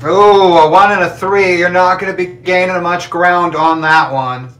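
A man's voice: high-pitched, steady tone, normal speed, fairly bright tone. A man acting as game master, chatting and laughing as he calls out dice rolls. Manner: chatty, laughs often, thinks aloud over dice rolls. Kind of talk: narrating a tabletop game on a live stream.

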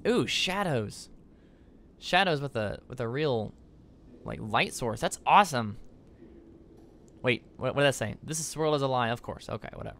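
A man's voice: medium pitch, expressive, moderate pace, long pauses, fairly bright tone, slight background noise. A young man hosting a let's play, rambling eagerly with many stammered restarts. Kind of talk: casual gameplay commentary.

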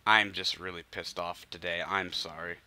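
Young guy doing let's play commentary, pissed off, swearing a lot, sharp bright voice. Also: deep voice, little pitch movement, normal speed, a little hiss or hum. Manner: frustrated, swearing, muttering under breath. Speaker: gameplay commentator.

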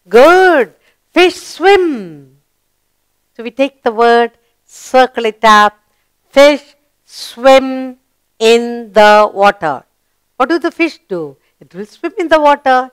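A woman teaching a children's lesson, spelling out letters and quizzing young learners slowly and deliberately. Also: fairly high pitch, a bit bright, clean tone, no room sound.

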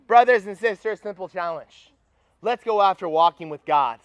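A young adult man preaching a sermon at a campus retreat, energetic and rallying the crowd. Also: high voice, normal speed.

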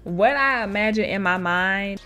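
Woman host, mid-pitched, animated and chatty storyteller who laughs often; faint music bed. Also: a little slow. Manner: chatty, addresses listeners directly. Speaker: host reading and reacting to online stories. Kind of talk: casual storytelling with commentary.

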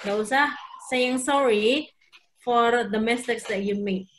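A woman with a fairly high voice and an Indonesian accent speaks unhurriedly over a video call, where she teaches an English class that switches between English and Indonesian. She walks through the rules step by step and puts questions to her students. The audio is poor, with a little hiss or hum.

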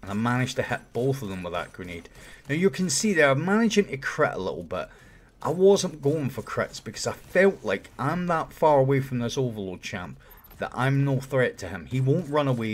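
A man talking viewers through a game run in a casual, explanatory commentary voice-over. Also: medium pitch. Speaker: video game guide creator.

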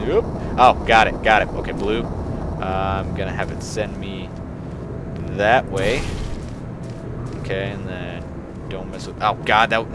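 Excitable young man playing a game. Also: sits low, measured pace, long pauses, heavy background noise. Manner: playful, excitable, laughs often, trying out silly accents. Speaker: gaming video creator. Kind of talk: casual let's play commentary.

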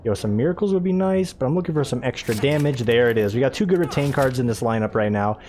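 A man's voice: medium pitch, expressive, fast talker, darkish tone. Rambling young American gamer guy. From United States. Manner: rambling, chatty, laughs often, jumps between game and his day. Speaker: gaming channel host. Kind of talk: casual let's-play chat.

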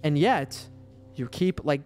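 A man's voice: on the high side, lively intonation, slow pace, darkish tone, faint music behind. A man giving casual, profane gameplay commentary, rambling with filler words and mocking the characters in exasperation. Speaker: gamer playing through his backlog.

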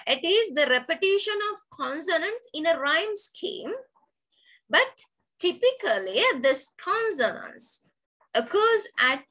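A woman's voice: sits high, fairly bright tone, poor audio. A woman teacher giving an online poetry lesson, explaining terms step by step and repeating key words. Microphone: video call.

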